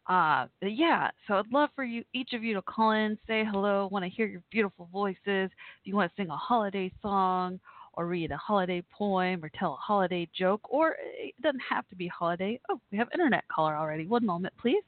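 A woman's voice: mid-range voice, animated, a little fast, dry recording. A woman hosting a live call-in show from home, gushing and laughing often. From Texas. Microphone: home setup. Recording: tinny phone-like line.

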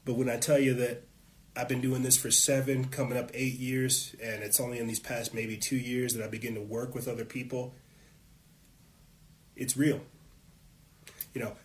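A man's voice: mid-range voice, fairly even intonation, normal speed, long pauses. A man hosting his own show, delivering an impassioned political monologue, fired up and swearing often. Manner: fired up, profane, preachy. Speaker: show host.

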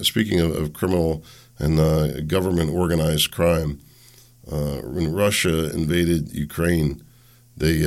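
A man's voice: very deep voice, creaky, a bit bright. A man hosting a solo political talk show, blunt and sarcastic, rambling with restarts.

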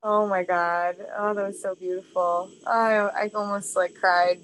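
A woman's voice: medium pitch, steady tone, measured pace, fairly bright tone, a little hiss or hum, rough recording. A woman taking part in an online workshop, chatting casually and gushing over a video call. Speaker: workshop participant.

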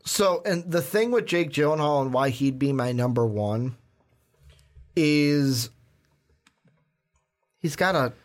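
A man co-hosting a casual film podcast, animated and steering the talk, with frequent "um"s. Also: mid-range voice, takes it slowly, long pauses. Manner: animated, steers the conversation with many "um"s. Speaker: podcast co-host. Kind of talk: casual chat.

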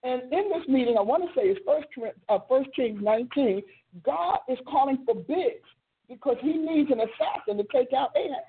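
A woman teaches scripture in a high, husky voice, telling the story with emphatic, stretched-out stresses. She hosts a ministry show. The sound is narrow and tinny, like a phone call. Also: animated, normal speed. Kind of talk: teaching sermon.

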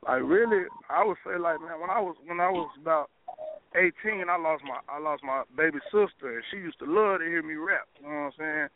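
A man's voice: fairly high pitch, a little fast, a little hiss or hum. A young man, a rapper guest talking casually and laid-back, full of "like" fillers. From Pine Bluff, Arkansas, US. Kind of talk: casual interview over phone. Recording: tinny phone line.

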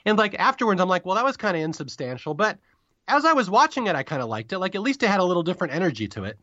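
A man co-hosting a podcast, chatting casually and quickly about a comedy episode, often correcting himself mid-sentence. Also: high-pitched, sing-song, bright, forceful tone, dry recording, muffled recording. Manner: rapid, chatty, self-correcting. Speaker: podcast co-host. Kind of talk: casual review chat.

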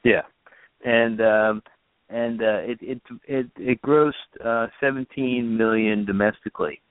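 A man's voice: mid-range voice, fairly even intonation, a little slow, smooth, dry recording. A man hosting a casual movie review podcast, talking hesitantly with many fillers. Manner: hesitant, lots of uh and um. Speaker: podcast host. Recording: dry phone-like sound.

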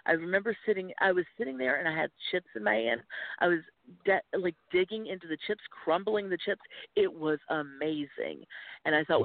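Guesting on a relaxed podcast, a wrestling commentator in her forties from North Carolina talks and laughs in a Southern accent. She speaks fairly quickly in a lowish voice with vocal fry. There's no echo, but the sound comes through as tinny phone-line audio.

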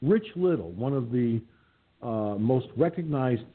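Husky rambling male internet radio host. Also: mid-range voice, lively intonation, unhurried. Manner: rambling, with frequent fillers. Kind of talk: casual chat. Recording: phone-like lo-fi line.

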